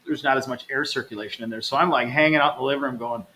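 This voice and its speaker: A man's voice: medium pitch, steady tone, fast, few pauses, pushed and bright, slight background noise, low-quality recording. A man hosting a live travel stream, chatting casually and reading out viewer comments in an upbeat way. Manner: chatty, upbeat, addresses viewers as "you guys". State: low energy, recovering from stomach trouble.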